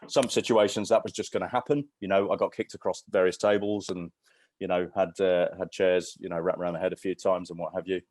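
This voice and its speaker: A man's voice: low voice, fairly even intonation, brisk, darkish tone, no echo. A man in his fifties, a podcast guest, telling anecdotes in a rambling, casual way with lots of restarts. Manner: rambling, with many restarts and fillers. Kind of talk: casual storytelling chat.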